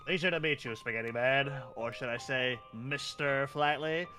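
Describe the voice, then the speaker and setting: A man voicing a lanky male bureaucrat made of paperwork, speaking quietly and smugly in a dry, nasal voice. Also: medium pitch, normal speed, music in the background, voice pushed up, natural voice.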